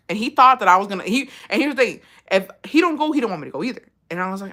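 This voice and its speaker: Lady vlogging advice, bright voice, cussing a lot, super blunt. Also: medium pitch, fast talker, few pauses. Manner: blunt, profane, animated storytelling. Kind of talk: casual advice chat.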